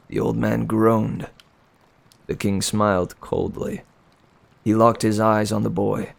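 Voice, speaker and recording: A man reading a novel aloud in plain, unhurried storytelling. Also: fairly low pitch, level tone, vocal fry. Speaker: reader.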